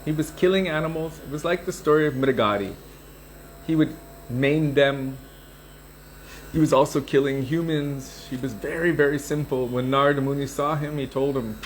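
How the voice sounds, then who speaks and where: A man giving a scripture class, explaining pronunciation and retelling old stories in an unhurried, explanatory way. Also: a little high, a little hiss or hum, rough recording. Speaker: scripture teacher.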